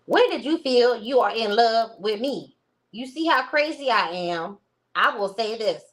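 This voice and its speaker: A woman voicing a lovesick woman gushing over her man, in an overdramatic, swooning, drawn-out way. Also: fairly high pitch, animated, fairly bright tone, pitched above the performer's own voice.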